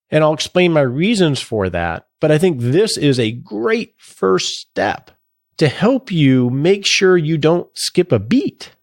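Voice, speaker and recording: A man in his fifties hosts a podcast in a casual, joking manner. His voice sits a little high for a man and moves all over as he talks. The recording is dry and close. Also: no room sound. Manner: jokey, conversational. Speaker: podcast host and financial planner. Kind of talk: casual podcast chat and explainer.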